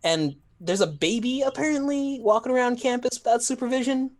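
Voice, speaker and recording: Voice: mid-range voice, a little fast, darkish tone, lightly acted. A player voicing a flustered young grown son. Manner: hesitant, lots of ums.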